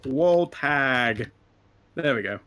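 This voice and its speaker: A man running a game on a charity stream, chatting in a relaxed, rambling way. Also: mid-range voice, very slow, clear, resonant tone. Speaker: speedrunner. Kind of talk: casual live-stream chat.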